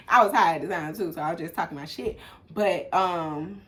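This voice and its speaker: A young woman with an Atlanta accent, telling a story in casual vlog style, animated and swearing freely. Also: normal speed. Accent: Southern US, Atlanta. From Atlanta, USA. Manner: animated, swearing, acts out quoted people in sudden loud high bursts. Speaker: vlogger.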